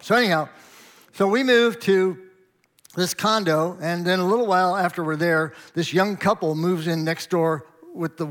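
A man's voice: on the high side, fairly bright tone. A middle-aged pastor tells a sermon story in a slightly raised voice. He talks in a conversational, anecdotal way, chuckling now and then and acting out both sides of each exchange.

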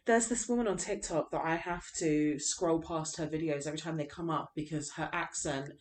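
Podcast co-host, woman, low pitch, london accent, chatty and loose with lots of ums. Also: fairly quick. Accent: London English. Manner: laughs often, chatty with many fillers. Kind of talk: casual chat.

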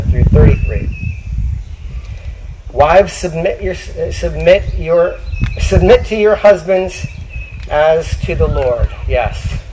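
A man preaching a sermon, talking casually to his church and slowing down to read scripture aloud. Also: fairly high pitch, background noise. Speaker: pastor.

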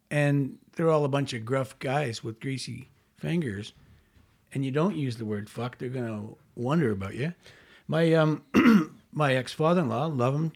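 A man's voice: mid-range voice, vocal fry. A man hosting a casual interview, chatting freely and offering his own opinions. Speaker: host.

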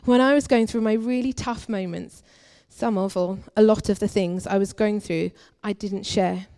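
A young adult woman, a guest preacher at a church, giving an earnest, confessional testimony that moves between forceful and hushed. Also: medium pitch, fairly even intonation, normal speed. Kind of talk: personal testimony sermon.

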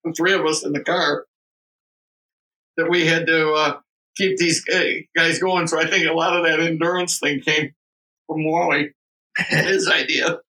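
A man's voice: a little high, flat delivery, normal speed, long pauses, pushed and bright, far from the mic, rough recording. An older man, a grandfather, telling rambling family anecdotes with chuckles as a podcast guest. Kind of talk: casual storytelling.

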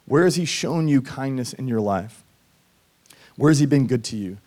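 A man in his thirties preaches at a church service in an earnest, conversational tone. His voice sits at an ordinary middle pitch. He comes from Georgia and tells his own story from the pulpit. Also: expressive, normal speed, mellow. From Georgia, USA. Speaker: pastor. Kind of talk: sermon with personal storytelling.

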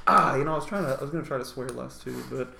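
A man's voice: mid-range voice, steady tone, rapid-fire, gravelly, reverberant, crowd noise. A man co-hosting a podcast in casual chat, rambling and joking and swearing freely. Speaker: podcast co-host.

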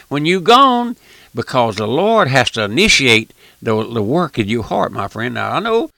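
A man's voice: fairly high pitch, smooth, no room sound. Fiery man preaching on radio. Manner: impassioned, repetitive, folksy preaching with sudden rises and hushed asides.

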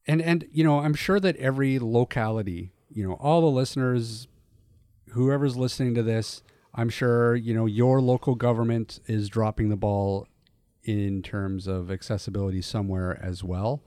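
A Canadian man hosting a casual podcast chat, talking in halting bursts with many restarts. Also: mid-range voice, mellow, clear, resonant tone, no echo, studio quality. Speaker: podcast host.

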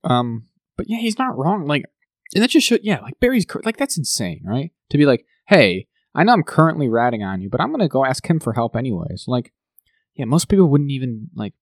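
Man, podcast co-host, casual chat, rapid, lively pitch, dry close sound. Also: no echo. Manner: animated, laughs often, talks over partner.

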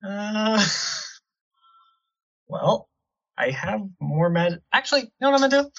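A woman's voice: mid-range voice, sing-song, unhurried, gravelly, muffled recording. A woman playing a tabletop game, chatty and playful, often laughing at the table. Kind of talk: casual tabletop play.

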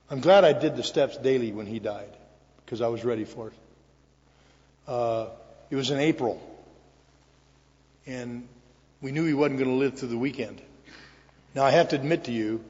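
An older man giving an earnest, emotional personal testimony to an audience in a large hall, with pauses and restarts. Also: medium pitch, a little mellow. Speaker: recovery meeting speaker. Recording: echoey hall, dull lo-fi sound.

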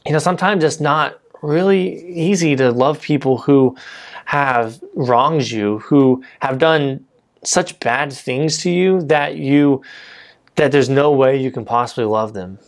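A man's voice: medium pitch, measured pace. A man giving a casual, conversational sermon, often saying "you know" and restarting his sentences. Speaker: preacher.

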